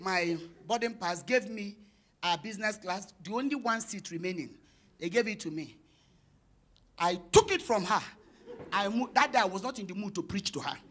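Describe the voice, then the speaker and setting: A woman pastor preaching a sermon, telling a personal story and acting out the dialogue, building up to shouted declarations. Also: medium pitch. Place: church conference hall.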